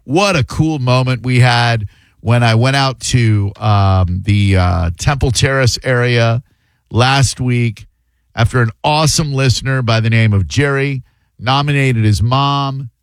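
Male radio host, casual chat, dry close studio sound, medium pitch, rambling with "uh". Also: measured pace, smooth, no room sound. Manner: loose and rambling, trails off with "uh". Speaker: radio talk show host. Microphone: studio microphone.

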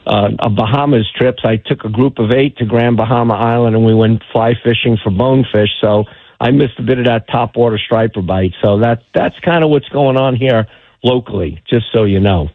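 A man's voice: medium pitch, moderate pace, dry recording. A middle-aged man, a fishing guide, telling fishing stories on a radio call-in with many restarts. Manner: chatty storyteller, many restarts. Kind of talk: phone-in radio chat. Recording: tinny phone line.

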